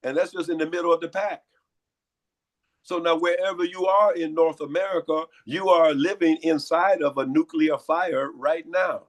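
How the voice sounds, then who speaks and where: A man with a hoarse, congested voice pitched a little high. He talks in a lecturing way as an interview guest, piling up pointed rhetorical questions. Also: steady tone, moderate pace.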